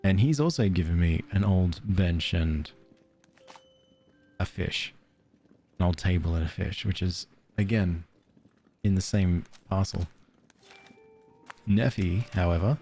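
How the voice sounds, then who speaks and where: A man's voice: low voice, unhurried, creaky, long pauses, warm tone, soft background music. A man streaming a cozy game, chatting casually and giggling while reading game letters aloud. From Australia. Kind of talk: casual let's-play chat.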